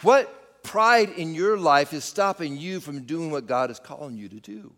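A man's voice: fairly high pitch, lively intonation, a little slow, a bit bright, big-room sound. A man preaching a sermon, speaking straight to his congregation and rising and falling for emphasis. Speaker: pastor.

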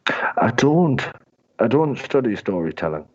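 A man's voice: mid-range voice, very animated, unhurried. A man, giving long, rambling, self-mocking answers as an interview guest. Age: 20s. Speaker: guest, comedian and sales director. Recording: dull lo-fi sound.

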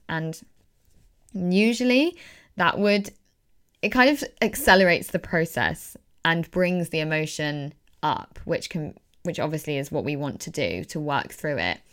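Smooth, low-voiced woman podcast host. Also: animated, a little slow. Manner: earnest, reflective, repeats words for emphasis. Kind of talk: casual solo podcast talk.

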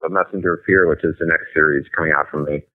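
A man's voice: a bass voice, steady tone, rapid-fire. A middle-aged man, a guest author in a casual interview, talking in a blunt, profane and emphatic way. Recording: tinny phone-like line.

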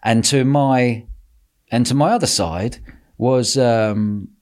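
A man hosting a podcast, telling a lively story with lots of laughter and quoted voices. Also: medium pitch, slow. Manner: animated, laughing, acts out quotes. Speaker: podcast host. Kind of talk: casual storytelling chat.

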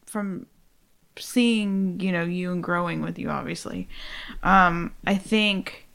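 A woman's voice: on the low side, steady tone, slow pace, gravelly, a bit bright. A young woman hosting a podcast, chatting casually and asking her guest curious follow-up questions. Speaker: podcast host. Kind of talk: casual interview chat.

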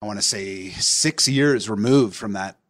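A man with a low voice explains his show in a relaxed interview. He talks in an easygoing way and often chuckles. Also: measured pace. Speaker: show creator and writer. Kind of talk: casual interview chat.

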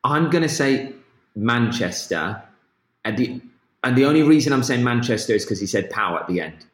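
A man's voice: mid-range voice, animated, normal speed, reverberant. A man co-hosting a podcast, teasing and laughing in casual chat. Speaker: podcast co-host.

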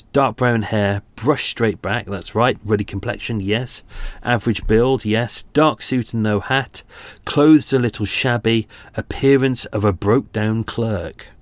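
A man's voice: lowish voice, unhurried, dry recording. Guy in his 40s chatting about a true crime case, loose and wandering, dead dry sound. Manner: rambling, self-deprecating, many restarts. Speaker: podcast host. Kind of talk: casual true-crime commentary.

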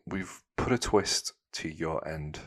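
Male podcast host, very low voice, rambling, teasing. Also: takes it slowly. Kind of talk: casual chat.

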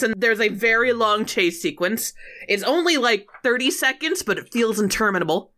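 Bright-voiced wry woman recapping a film. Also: fairly high pitch, moderate pace. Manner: wry, deadpan, breaks into silly voices. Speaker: podcast co-host recapping a film. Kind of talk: casual comedic recap.

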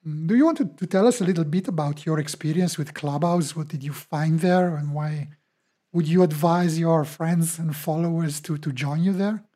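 Husky, mellow-voiced male podcast host. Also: a little high, normal speed. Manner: thoughtful, hesitant, many restarts. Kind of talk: casual interview conversation.

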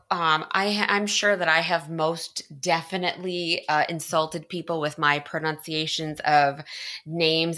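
Bubbly woman podcaster, lowish voice but super bright, swoops around a lot when she talks. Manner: enthusiastic, animated, giggly. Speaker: podcast co-host. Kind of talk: casual book discussion.

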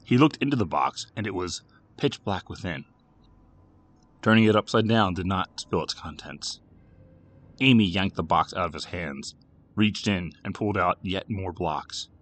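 A man narrating a scripted horror story with a dramatic, expressive reading. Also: low voice, unhurried.

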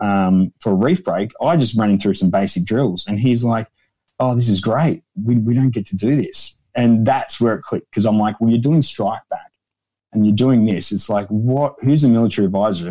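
A man's voice: on the low side, warm tone. A man, a guest in a casual interview, telling rambling stories and acting out quotes in a raised voice. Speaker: guest, founder of an extras agency.

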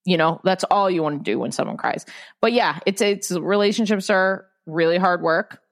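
Woman w a lowish voice, chatty and blunt, cusses a lot, keeps restarting. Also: moderate pace. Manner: candid, swears freely, many restarts. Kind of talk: casual chat.

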